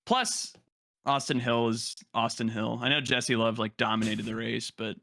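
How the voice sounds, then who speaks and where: A man with a very bright, sharp voice, speaking casually on a podcast. He restarts his sentences and hedges as he explains. The sound is dry and close. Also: mid-range voice, moderate pace, creaky, no room sound. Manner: hesitant, fillers, technical explaining. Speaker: podcast co-host.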